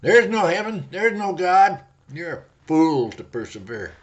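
Devil: smooth boastful tempter, high and coaxing, done by a male preacher, slow, on muffled tape. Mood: thundering. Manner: coaxing, then loudly thundering. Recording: dull lo-fi audio.

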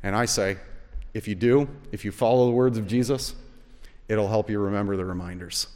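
A man preaching a sermon as pastor, earnest and measured, sometimes rising to shouts to stress a point. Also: lowish voice, steady tone. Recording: long reverb of a large hall.

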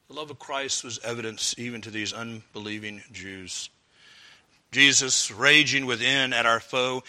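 Guy preaching a sermon, super bright tone, earnest, gets loud then real quiet. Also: medium pitch. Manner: earnest, rising to fervent appeals then dropping to hushed quotes.

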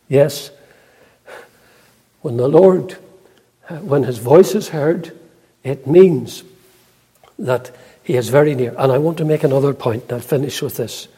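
Older man, sermon, husky, mellow tone, hesitant pauses, echoing hall. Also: fairly high pitch. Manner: earnest, unhurried, with frequent hesitations. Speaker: preacher. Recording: long reverb in a large hall.

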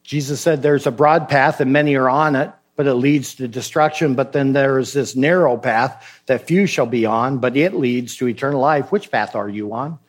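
A man's voice: medium pitch, moderate pace, hardly any pauses. A man preaching a sermon as pastor, emphatic and questioning, acting out short dialogues.

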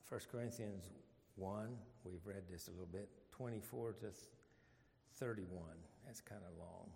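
A man's voice: sits low, a little slow, creaky, dark tone, big-room sound, slight background noise. A man leading an informal Bible study, folksy and joking, with rambling asides.

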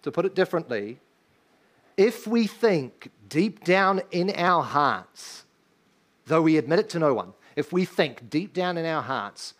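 A man preaching a sermon in church, emphatic and full of rhetorical questions to the congregation. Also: mid-range voice. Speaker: pastor.

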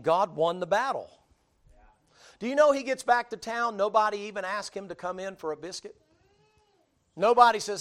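Animated high-voiced preacher, man. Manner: animated storytelling with colloquial drawl, dramatic quoted voices, laughs. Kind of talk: sermon.

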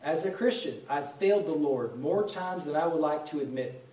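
Man, middle-aged, preacher, earnest conversational sermon, slightly high voice, distant mic. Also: expressive, normal speed, mellow. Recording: echoey room, voice from far off.

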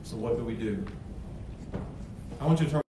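Preacher in a very echoey church. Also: male voice, expressive, normal speed. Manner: swings from shouted intensity to low, quiet asides. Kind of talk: sermon. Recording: very echoey, distant from the mic, faint noise.

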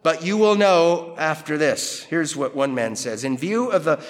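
Man, pastor, conversational sermon, higher voice, lively delivery. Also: unhurried. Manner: conversational, animated quoting of Peter and Jesus. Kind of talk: expository sermon.

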